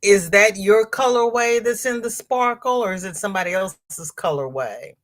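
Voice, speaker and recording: A woman's voice: medium pitch, moderate pace. A middle-aged woman hosting a casual livestream, chatting with viewers and reading their comments aloud. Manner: chatty, exclaims and laughs while reading comments. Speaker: host reading live chat. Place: home.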